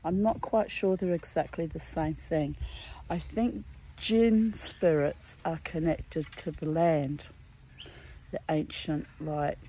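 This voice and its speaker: A woman with a New Zealand accent, telling a story in a slow, intense casual monologue with dark humor. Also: low voice, a little hiss or hum, poor audio.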